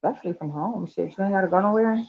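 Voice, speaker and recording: A woman vlogger chats casually to her viewers in a mid-range, gravelly voice, talking at a racing pace. She's loud and expressive, laughs a lot and swears casually, though she's also tired and yawning. The lo-fi sound is dull.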